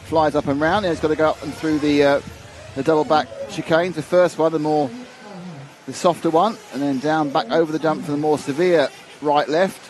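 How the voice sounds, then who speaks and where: A man's voice: on the high side, steady tone, normal speed, darkish tone, slight background noise. A man commentating live on a model car race, chatty and jokey, thinking aloud as he goes.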